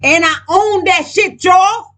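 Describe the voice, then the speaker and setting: A woman's voice: extremely high pitch, takes it slowly, a bit bright. A woman vlogger talking casually while reading tarot cards, profane and emphatic, rambling and speaking straight to her viewers.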